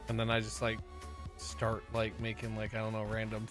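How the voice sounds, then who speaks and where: A man's voice: on the low side, completely flat delivery, moderate pace, music in the background. A man chatting casually with viewers on a live stream, rambling and playful, often losing his train of thought. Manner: rambling, playful, easily sidetracked.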